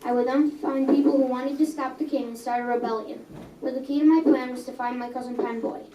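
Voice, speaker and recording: A young girl reads her own story aloud in earnest, now and then stumbling and correcting herself. Her voice sits high and mellow. She is picked up from some distance in an echoey room with faint background ambience. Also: fairly even intonation, a little fast, a little hiss or hum. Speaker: reader. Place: coffee house.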